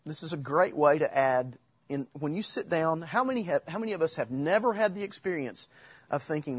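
Husky-voiced man teaching on Scripture. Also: fairly high pitch, lively intonation, no echo, lo-fi sound. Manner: halting, restarts while quoting Scripture from memory. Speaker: Bible teacher. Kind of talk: informal church teaching talk.

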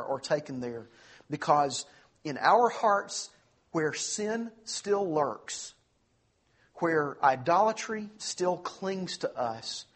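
Husky earnest preaching man. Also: a little high. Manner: earnest preaching, slows for emphasis, quick asides. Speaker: pastor. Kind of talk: sermon.

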